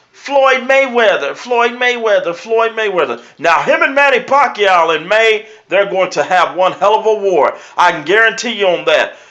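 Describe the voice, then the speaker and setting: A brash man calling his sports picks in a vlog, hammering home guarantees and stock phrases. His voice sits fairly high and very bright and forceful. The sound is dull and lo-fi. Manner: brash, emphatic predictions; repeats catchphrases. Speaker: sports show host. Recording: dull lo-fi recording.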